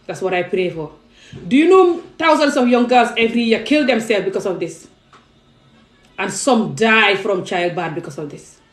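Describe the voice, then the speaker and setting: A young woman speaks straight into her camera, emphatic and pleading, firing off rhetorical questions. Her voice sits at a middling pitch. The room around her is echoey. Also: lively intonation, normal speed. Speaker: vlogger. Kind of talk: impassioned direct-to-camera monologue. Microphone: phone or camera facing her.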